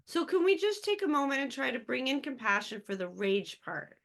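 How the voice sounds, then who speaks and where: A woman guiding the conversation like a therapist, asking gentle reflective questions. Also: high-pitched, big pitch swings, a little fast, creaky.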